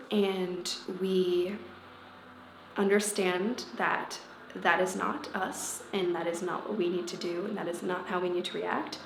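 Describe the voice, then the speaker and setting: A woman vlogger telling a personal story to camera in a casual, animated way, acting out what was said. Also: mid-range voice, creaky. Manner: animated, acts out quotes in changing voices. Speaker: vlogger and life coach. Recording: echoey room with faint background music.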